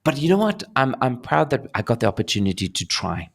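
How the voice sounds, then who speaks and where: A man's voice: mid-range voice, brisk, gravelly, breathy edge. A young man with a South African accent tells stories with energy. He talks casually and laughs between points. His voice sits in the middle range. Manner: animated storyteller, laughing, acting out voices. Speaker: actor, interview guest. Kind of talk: casual interview talk.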